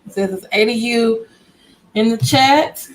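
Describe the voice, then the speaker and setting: A woman's voice: a little high, a little slow, low-quality recording. A woman hosting a casual livestream from home, chatty and greeting viewers by name as they join. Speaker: livestream host.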